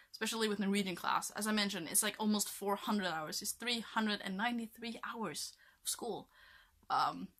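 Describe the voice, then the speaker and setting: A woman's voice: medium pitch, pushed and bright. A young woman from Norway chatting to camera in a rambling vlog, full of fillers like "like" and "um". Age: young adult. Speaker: vlogger. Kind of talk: casual chat to camera.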